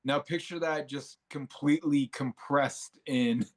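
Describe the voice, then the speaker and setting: Co-host, casual movie talk, halting, hunts for words, fillers. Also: mid-range voice. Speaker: podcast co-host.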